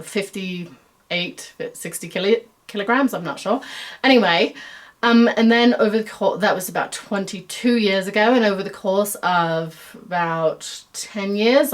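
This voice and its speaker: A middle-aged American woman talks in a put-on Australian accent, with a voice of ordinary middle pitch. She rambles chattily in a stream-of-consciousness monologue, full of fillers and self-deprecating asides, as the host of her own web series. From United States.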